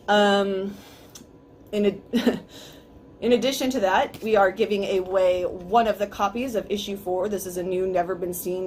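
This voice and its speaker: A brash woman chats on a livestream, promoting a pet charity and her handmade goods. Her voice is mid-pitched, with a faint hiss in the background. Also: darkish tone. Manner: brash, swears freely, promotional. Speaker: guest, pet charity organizer and craft seller. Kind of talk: casual livestream chat.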